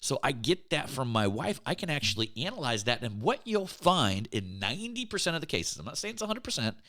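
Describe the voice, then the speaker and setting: A man's voice: medium pitch, sing-song, brisk, pushed and bright. A man giving a motivational faith talk on relationships, emphatic and repetitive, often calling his listeners his friends. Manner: emphatic, repeats words, addresses listeners as friends. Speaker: relationship speaker.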